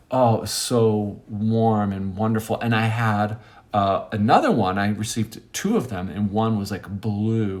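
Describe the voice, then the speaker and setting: Rambling comic male storyteller. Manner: rambling, self-interrupting, lively pitch jumps. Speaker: monologue host.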